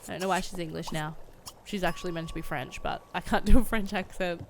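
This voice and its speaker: A woman's voice: on the low side, fairly even intonation, fast, a little hiss or hum. Chatty woman commenting on gameplay. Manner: chatty, giggly, thinks aloud. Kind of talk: casual let's-play commentary.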